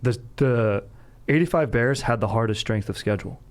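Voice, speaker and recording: A man's voice: medium pitch, normal speed. A man hosting a casual sports podcast, rambling and joking, often breaking into laughter. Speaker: podcast host.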